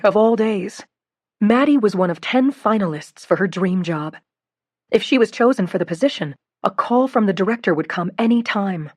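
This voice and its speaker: A woman reading a novel aloud as an audiobook narrator, in an expressive, steady storytelling way. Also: mid-range voice, dry recording, clean studio sound. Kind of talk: scripted narration.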